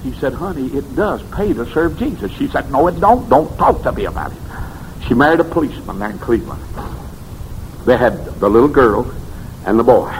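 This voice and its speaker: Man, preacher, revival sermon, lively swooping pitch, faint rumbling noise. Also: fairly quick, low-quality recording. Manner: dramatic, swinging from shouts to low tones.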